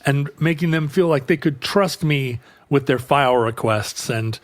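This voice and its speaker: A man co-hosting a podcast, telling a long rambling work story in casual chat, jumping high when he quotes people. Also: unhurried. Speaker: podcast co-host.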